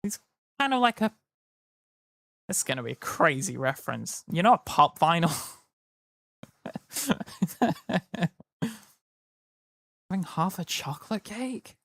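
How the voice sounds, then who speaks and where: A man's voice: a little high, big pitch swings, takes it slowly, creaky, long pauses, fairly bright tone, no room sound. A tired man chatting casually to his live-stream audience, rambling and joking. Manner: rambling, jokey, slips into silly voices. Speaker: livestreamer.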